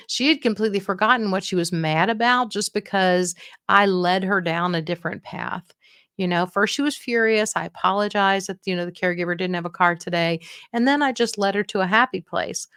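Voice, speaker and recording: A middle-aged woman hosts a dementia care podcast, offering frank, encouraging advice and acting out the voices of people she quotes. Her mid-range, slightly bright voice moves at a moderate pace, with a clean studio sound and no room echo.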